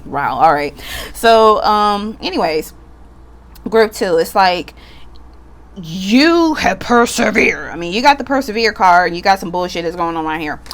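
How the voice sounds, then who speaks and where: Leaning back in a computer chair at home, this woman does a laid-back tarot reading, swearing freely, laughing a lot, talkative and blunt. Her mid-range voice has lively intonation and moves a little slowly.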